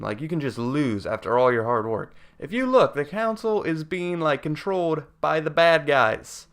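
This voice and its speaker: A man's voice: fairly high pitch, fairly bright tone, smooth. A young man giving a casual video game review in a rambling, profane, jokey way.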